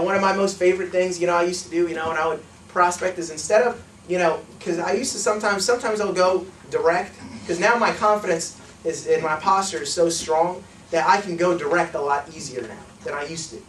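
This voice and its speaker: A man leading a live sales training for a small group, acting out pitches and laughing often. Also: a little hiss or hum. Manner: fast, animated, acts out sales calls, laughs often. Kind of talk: live training talk with role-played pitches. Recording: echoey room, mic far off.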